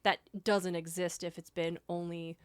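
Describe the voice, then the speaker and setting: A woman's voice: lowish voice, level tone, moderate pace, smooth, no room sound. A woman co-hosting a book podcast, chatting casually with lots of fillers and reading passages aloud. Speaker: podcast co-host.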